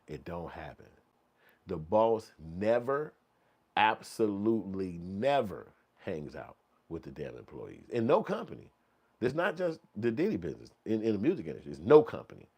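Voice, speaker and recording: A man hosting a commentary channel, talking casually in a vivid, profane, second-person storytelling style. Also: breathy edge. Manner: acts out quoted voices, sometimes yelling high. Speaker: channel host commenting on news.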